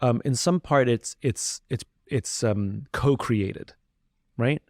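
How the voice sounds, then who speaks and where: A man's voice: medium pitch, slow, darkish tone, no echo, studio quality. A man speaking as a podcast guest, talking earnestly and reflectively with frequent restarts. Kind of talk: candid conversation.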